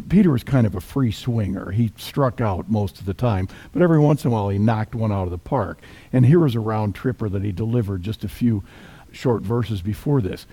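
A man's voice: lowish voice, warm tone, husky. A male pastor giving a conversational sermon that mixes stories and humor.

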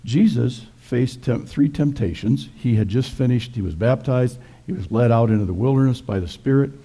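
Brief: male pastor, folksy joking sermon, gravelly and husky, dark mellow tone. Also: medium pitch, moderate pace.

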